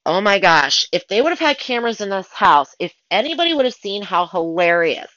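A woman telling stories from her work as a pet sitter in a casual, animated way, acting out her own panicked thoughts. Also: mid-range voice, a little fast, dry recording, highs cut off. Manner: animated, dramatic retelling with excited asides. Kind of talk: casual storytelling.

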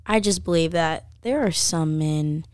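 A woman's voice: low-pitched, unhurried, a little mellow, no echo, clean studio sound. A young woman in casual chat, animatedly telling a story, acting out voices and saying "like" constantly.

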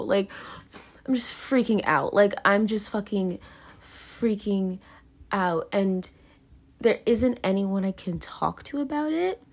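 A woman's voice: mid-range voice, expressive, slow. A young woman hosting her own podcast, talking through her feelings in a rambling, self-conscious way full of fillers and restarts. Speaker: podcast host. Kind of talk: casual confessional monologue.

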